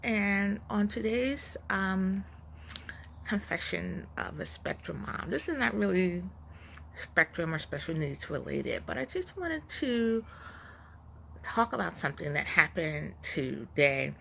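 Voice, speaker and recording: Slow, gravelly woman vlogger on a porch. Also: on the low side, big pitch swings, slight background noise. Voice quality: slightly muffled speech from something worn in the mouth. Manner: soft, emotional, halting, with many pauses and fillers. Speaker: vlogger, stay-at-home mom. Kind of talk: heartfelt personal vlog talk. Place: outdoors on a front porch.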